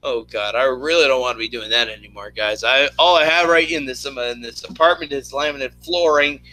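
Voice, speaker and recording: A man's voice: medium pitch, brisk, sharp tone, dry recording, low-quality recording. A man casually chatting with his viewers, rambling with lots of fillers and restarts. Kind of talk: casual chat.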